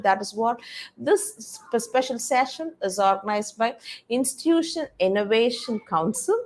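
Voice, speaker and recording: A woman giving an online presentation to faculty and students, explaining step by step and often stopping on "okay" and "all right". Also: medium pitch. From India. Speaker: panel speaker on innovation policy.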